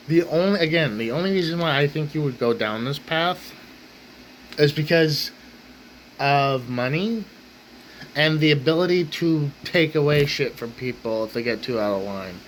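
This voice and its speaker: A man's voice: on the high side, fairly bright tone, a little hiss or hum, poor audio. A man hosting his own rant channel, talking bluntly and swearing constantly in an angry rant.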